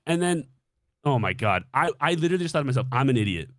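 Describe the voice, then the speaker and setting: A man's voice: medium pitch, very animated, quick pace, a bit bright, dry recording, studio quality. A young man casually telling a dating story on a stream, swearing freely and acting out his own reactions.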